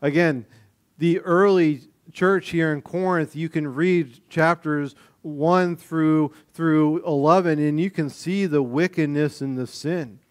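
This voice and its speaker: A man preaching a sermon, animated, swinging between loud emphasis and quiet low asides, acting out the voices of everyday people. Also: takes it slowly. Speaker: pastor.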